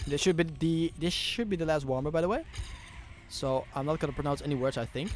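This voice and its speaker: A man's voice: a little high, a little fast, slight background noise. A young man from Germany, casually commentating an esports final on a livestream, joking and swearing as he goes. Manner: excitable, joking, swears freely. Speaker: esports caster.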